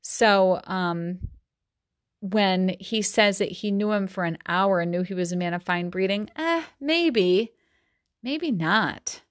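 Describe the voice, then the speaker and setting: A woman's voice: fairly low pitch, a little slow, smooth, no echo, clean studio sound. Chatty woman reading a novel aloud. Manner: chatty, many ums and likes in asides. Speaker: book study podcaster. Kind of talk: reading aloud with casual commentary.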